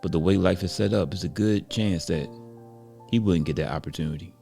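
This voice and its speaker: Deep gravelly man telling a story. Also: brisk, faint music behind. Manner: relaxed, reflective, many "you know" fillers. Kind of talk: casual story narration.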